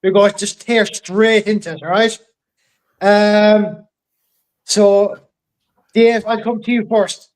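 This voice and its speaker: A man's voice: high voice, steady tone, slow, pauses often, rough recording. An Irish man hosting a podcast in casual chat, joking and bantering with his guests. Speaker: podcast host.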